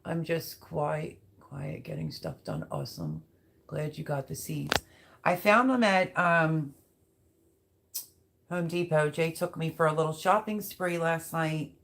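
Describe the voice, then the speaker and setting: A woman's voice: low-pitched, very animated, measured pace, gravelly, fairly bright tone. A woman hosting a casual live stream who chats and rambles to viewers while reading their comments aloud. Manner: chatty, rambling, talks straight to viewers. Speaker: livestream host reading chat.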